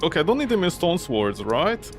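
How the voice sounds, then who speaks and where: High-voiced rambling young male game streamer. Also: sing-song, fairly quick, faint music behind. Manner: rambling, joking, goes off on silly tangents. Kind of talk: casual gameplay commentary. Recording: loud game sound behind.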